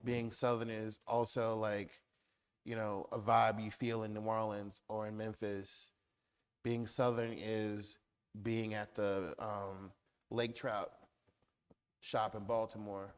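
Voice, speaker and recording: A man speaking as a guest author in a public conversation, riffing through animated lists. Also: lowish voice, slow pace, clear, resonant tone.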